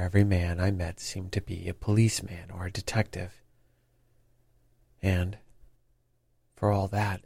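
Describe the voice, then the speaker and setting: Man doing a frightened young male thief, higher and pleading, dry close mic. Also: dry recording, full character voice. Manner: pleading, shrill, desperate. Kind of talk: audiobook character reading.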